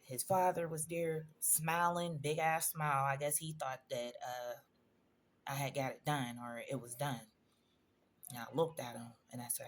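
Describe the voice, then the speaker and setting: A woman's voice: rumbling low, little pitch movement, normal speed, a little hiss or hum. A woman in a personal vlog, telling a painful story in a conversational, emotional way, addressing viewers directly. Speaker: vlogger.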